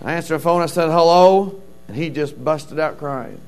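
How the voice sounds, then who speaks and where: A man's voice: fairly high pitch, normal speed, a little mellow, smooth. A middle-aged man preaching a sermon as a pastor, telling stories with fervent interjections of praise.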